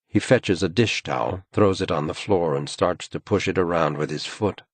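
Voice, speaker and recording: A man narrating an audiobook thriller, with an expressive storytelling delivery. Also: low voice, moderate pace, breathy edge, dry recording. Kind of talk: scripted narration.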